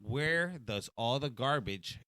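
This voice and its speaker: Bright-voiced Puerto Rican man. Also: medium pitch, lively intonation, takes it slowly, clear, resonant tone. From Puerto Rico. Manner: loose, profane, full of fillers. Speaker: podcast guest. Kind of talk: casual podcast chat.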